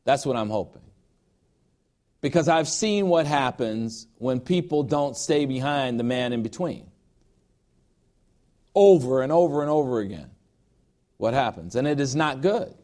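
A man's voice: medium pitch, animated, a little slow, pauses often, a little mellow. Emphatic man preaching a sermon. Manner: emphatic, emotional preaching with personal asides; repeats phrases for emphasis. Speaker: pastor.

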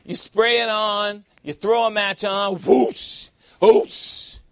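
High-voiced preacher man, dry close sound. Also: little pitch movement, a little slow, pushed and bright, clean tone, no echo. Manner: call-and-response preaching, playful asides. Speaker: pastor. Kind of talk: sermon. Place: church sanctuary.

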